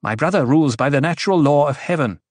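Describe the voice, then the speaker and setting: A fierce, quick-tempered young noblewoman, as a male narrator puts her on, with a raised, sharp voice that commands and scorns. The recording is dry and close, with no room sound. It is audiobook character work. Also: on the high side, animated, no echo, pitched above the performer's own voice. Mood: scornful.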